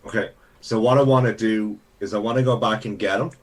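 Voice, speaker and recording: Deep-voiced man at a tabletop game. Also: steady tone, brisk. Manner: plain, matter-of-fact statements of actions. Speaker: player. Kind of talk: casual chat.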